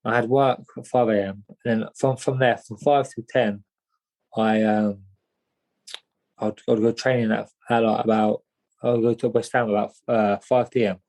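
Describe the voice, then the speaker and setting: A man's voice: fairly low pitch, steady tone, moderate pace, a little mellow, poor audio. A young man, a boxer talking as a podcast guest in casual storytelling, rambling and repeating himself with lots of "mate". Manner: rambling, repeats words, many "mate" and "do you know what I mean".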